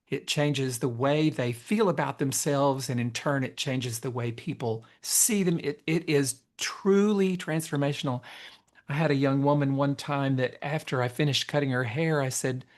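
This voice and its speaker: Expressive man hosting a podcast. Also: mid-range voice. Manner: expressive, storytelling, quick to laugh. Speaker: podcast host. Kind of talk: conversational interview.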